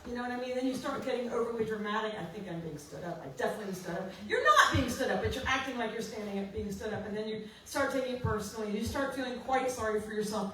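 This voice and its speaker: A woman's voice: fairly high pitch, a bit bright. A middle-aged woman songwriter telling a self-mocking story at a house concert, laughing often. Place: living room house concert. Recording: roomy, distant mic.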